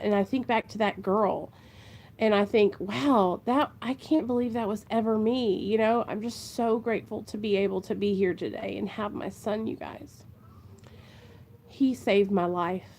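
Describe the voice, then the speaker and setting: A woman's voice: medium pitch, darkish tone. A young woman, chatting earnestly and emotionally to her vlog viewers, rambling and addressing them as "you guys.". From Ohio. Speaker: vlogger. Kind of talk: casual heartfelt chat to camera.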